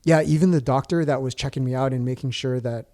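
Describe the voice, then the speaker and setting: A man's voice: medium pitch, fast, warm tone. A man in his forties, a podcast guest telling a story in casual chat, rambling with restarts and fillers.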